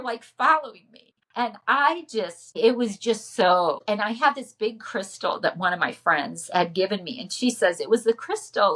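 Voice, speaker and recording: A woman's voice: medium pitch, a bit bright. A woman telling a personal story as a podcast guest, emotional and earnest.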